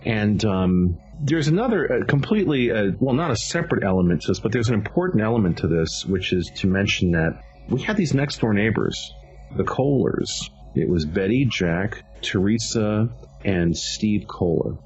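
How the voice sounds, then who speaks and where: A man's voice: on the low side, very animated, normal speed, a little mellow. A man recounting a dramatic sighting he witnessed, telling it as a vivid personal story with emphatic stresses and frequent restarts. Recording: dull lo-fi recording with faint music.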